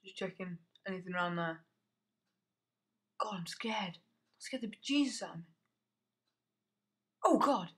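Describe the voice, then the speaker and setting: A man's voice: sits high, expressive, measured pace, pauses often, a bit bright. A teenage boy giving casual gameplay commentary. He mutters to himself, swears, and yelps whenever something startles him. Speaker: gamer.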